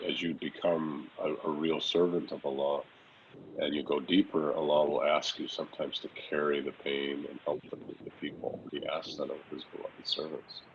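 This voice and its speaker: A man, a Sufi teacher, gently answering a student's question, repeating phrases as he speaks. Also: extremely low pitch, lo-fi sound, slight background noise. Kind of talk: spiritual teaching in Q&A.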